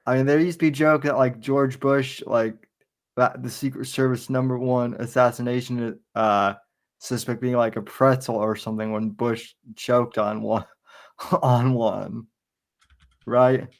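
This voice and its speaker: Halting, casual male podcast host. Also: medium pitch, fairly even intonation. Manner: halting, full of restarts.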